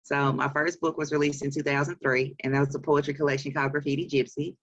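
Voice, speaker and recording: A woman's voice: extremely low pitch, level tone, quick pace, no echo, muffled recording. Southern woman chatting in an interview. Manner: chatty, laughs often, many fillers. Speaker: author and publisher. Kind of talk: casual interview.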